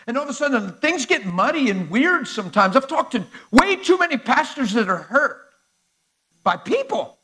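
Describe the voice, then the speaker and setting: High-voiced animated preacher man. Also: normal speed, background noise. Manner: animated, conversational preaching with acted-out dialogue. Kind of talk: sermon. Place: church sanctuary before a live crowd.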